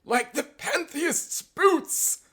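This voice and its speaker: A man reading an audiobook as its narrator, in a steady, plain manner. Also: extremely high pitch, drawn-out words. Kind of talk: scripted narration.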